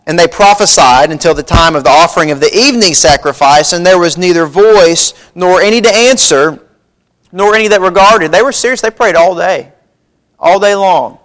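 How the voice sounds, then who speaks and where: A man's voice: high voice, fairly bright tone. A man preaching a sermon, reading scripture aloud in a folksy, emphatic way. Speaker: pastor. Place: church sanctuary.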